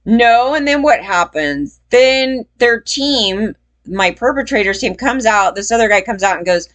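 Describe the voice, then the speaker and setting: A woman's voice: animated, normal speed, a bit bright. Rambling, swearing woman telling a story. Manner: rambling, swearing, laughing, pitch jumping up when emphatic. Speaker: person telling her story. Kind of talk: casual storytelling.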